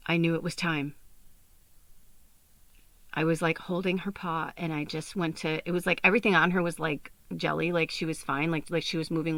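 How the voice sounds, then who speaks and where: A woman's voice: on the low side, fairly bright tone, dry recording. Brief: young adult woman podcast host, emotional storytelling, tearful and whispery, dry close sound. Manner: tearful, often dropping to a whisper, many fillers. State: on the verge of tears.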